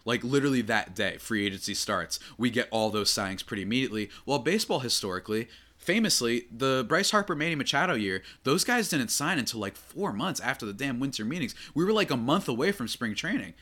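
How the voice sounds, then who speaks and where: A man hosting a solo sports podcast, talking in a rambling, excitable way with many fillers and restarts. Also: mid-range voice, brisk. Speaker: podcast host.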